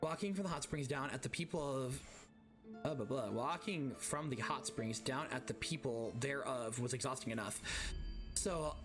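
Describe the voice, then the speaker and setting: A man's voice: mid-range voice, moderate pace, music in the background, lightly acted. A man reading the lines of a sly, folksy middle-aged woman wanderer with a bad back, in a drawling, teasing way. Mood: weary.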